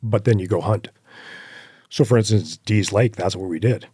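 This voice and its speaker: Man guest, low mellow voice, lively yarn-spinning, dry close podcast mic. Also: normal speed, husky, no room sound. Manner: animated anecdotes with quoted asides and laughs. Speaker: podcast guest, horseback hunter. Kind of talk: casual interview storytelling.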